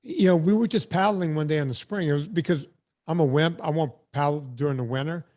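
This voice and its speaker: A man's voice: on the high side, fast talker, darkish tone. A man hosting a podcast interview, chatting casually and telling stories with self-deprecating humor. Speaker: podcast host.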